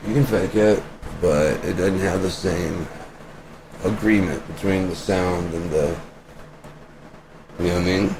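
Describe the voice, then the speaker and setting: Deep-voiced male vlogger, crude and blunt, ranting from a car with road hum behind him. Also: a little slow, pauses often. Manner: profane, blunt, fires off rhetorical questions. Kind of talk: rambling opinion rant. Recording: steady vehicle road noise behind voice.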